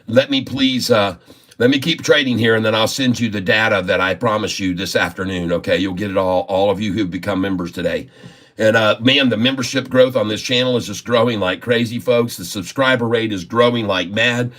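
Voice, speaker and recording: A man's voice: fairly low pitch, brisk, fairly bright tone. A man giving live-stream trading commentary, effusive and folksy, often laughing as he talks. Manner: laughs often while talking.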